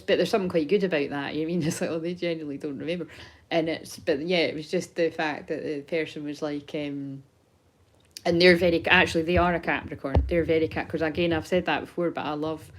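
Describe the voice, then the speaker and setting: Woman, psychic reader on a phone live stream, low voice, loose, rambling, sweary delivery. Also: rough recording. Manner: rambling, chatty, swears casually, laughs often. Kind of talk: casual live-stream chat.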